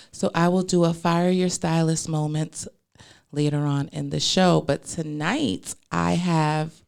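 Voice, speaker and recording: A playful, chatty woman with a New York accent hosts a casual fashion talk. Her voice is fairly low, with a gravelly fry running through it. Her tone stays smooth and clear. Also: a little mellow. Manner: chatty, playful, laughs easily. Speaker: podcast host.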